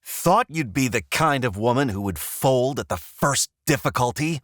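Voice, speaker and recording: A man's voice: mid-range voice, lively intonation, normal speed, fairly bright tone, no room sound, studio quality, natural voice. A man voicing a scornful young man who talks in a sneering, dismissive way in an audiobook.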